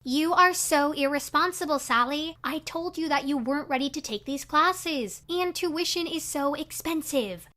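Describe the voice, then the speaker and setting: A woman voicing a stern, exasperated middle-aged mother scolding her daughter in an animated story. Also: sits high, moderate pace, few pauses, pitched above the performer's own voice.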